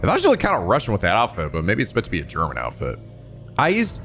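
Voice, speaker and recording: A man's voice: on the low side, huge pitch swings, quick pace, a bit bright, soft background music. A man in his thirties hosting a let's play, reading a visual novel aloud with casual commentary, swearing and laughing often.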